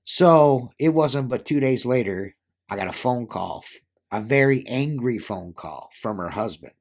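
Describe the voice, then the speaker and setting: A middle-aged man, a window cleaner, telling a story in a loose, casual way. He rambles, piles on fillers and slips into the voices of the people he quotes. His voice sits at an ordinary middle pitch. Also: expressive, measured pace. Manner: rambling, filler-heavy, acts out quoted dialogue.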